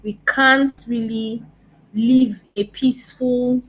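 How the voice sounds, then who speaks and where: A woman, a guest coach speaking in a measured, affirming way in casual conversation. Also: fairly high pitch, steady tone, a bit bright, a little hiss or hum, poor audio. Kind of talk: casual chat.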